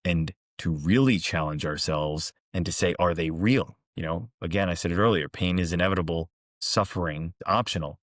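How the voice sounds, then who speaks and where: A man hosting a reflective monologue, calmly and earnestly recounting parables. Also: sits low, brisk, hardly any pauses, no echo, studio quality. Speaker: host, executive coach.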